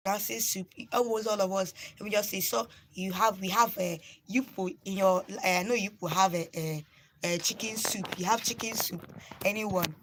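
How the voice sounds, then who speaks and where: This casual live lesson comes from a young Igbo-speaking Nigerian woman on a phone stream, who repeats and spells every word and presses viewers to note them down. She speaks at normal speed with a medium, somewhat bright voice and fairly even intonation, over slight background noise in a rough recording.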